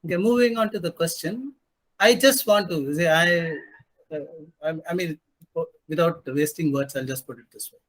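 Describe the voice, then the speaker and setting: Man, panel speaker, emphatic, sarcastic, fairly high-pitched. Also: normal speed, fairly bright tone. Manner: emphatic, sarcastic, asks rhetorical questions. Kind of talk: panel discussion commentary.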